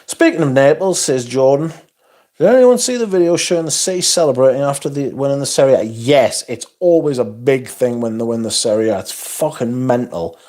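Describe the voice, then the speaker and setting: A man's voice: medium pitch, brisk, mellow. A man hosting a casual livestream. He reads viewer comments aloud and answers them bluntly, swearing often and adding asides. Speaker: livestream host. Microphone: phone.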